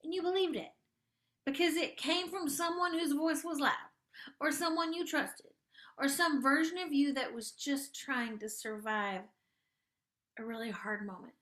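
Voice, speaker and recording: A woman with a fairly high voice leads a gentle spiritual coaching session that slides into guided meditation. She takes her time, stretching words out slowly. Her tone stays soft and tender, and it sometimes sinks to a hushed near-whisper. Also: steady tone. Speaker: host and spiritual life coach.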